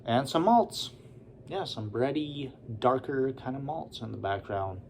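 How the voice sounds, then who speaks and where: Male beer reviewer, relaxed and unhurried, mid-pitched, casual rambling delivery. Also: a little hiss or hum. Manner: relaxed, rambling, with many fillers and asides.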